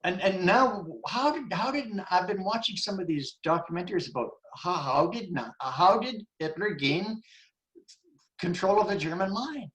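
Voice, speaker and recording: A man in his seventies speaks in a group discussion, earnest and rambling as he circles back through his thoughts. He restarts sentences often, and his voice sits a little high for a man. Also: animated, normal speed, a bit bright, rough recording. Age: 70s. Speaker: forum participant.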